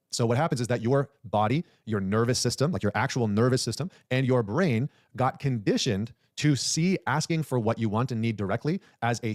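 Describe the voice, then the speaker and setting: Guy coaching men on dating stuff, talks quick and punchy, dry close sound. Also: medium pitch, a little mellow, no room sound. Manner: emphatic, repetitive, addresses the listener directly. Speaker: men's relationship coach. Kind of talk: direct-to-camera advice talk.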